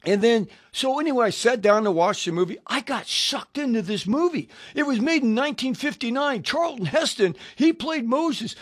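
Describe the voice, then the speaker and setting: An older male radio preacher with a notably high voice for a man. He delivers a personal testimony sermon, animated and storytelling, slipping into the voices of the people in his tale. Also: moderate pace, hardly any pauses. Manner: animated storyteller acting out dialogue.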